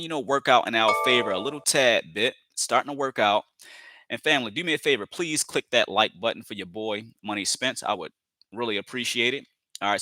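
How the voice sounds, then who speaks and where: A man's voice: fairly low pitch, pushed and bright, no room sound. A man giving live commentary on his trades, repeating phrases, filling with "you know" and calling viewers family as he talks himself into staying patient.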